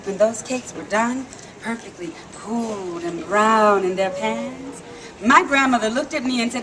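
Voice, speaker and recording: Animated woman storyteller, high voice, noisy. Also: a little slow. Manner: animated, playful, laughs often. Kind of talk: live storytelling performance with audience call-and-response. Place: outdoor theme park stage.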